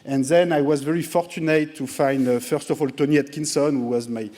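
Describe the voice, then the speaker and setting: A man with a French accent giving a public lecture in a theatre, hesitant and self-deprecating, filling pauses with "you know". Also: fairly high pitch, steady tone, dark tone. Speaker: guest lecturer.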